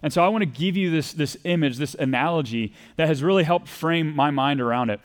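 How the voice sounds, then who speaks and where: Here a pastor with a Texas accent talks his sermon through conversationally, voicing quotes and questioning the congregation. He sounds a little high and a little fast.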